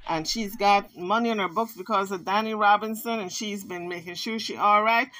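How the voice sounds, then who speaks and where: A woman giving casual, sassy commentary, telling a story in an animated way and acting out the quotes. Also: mid-range voice, moderate pace.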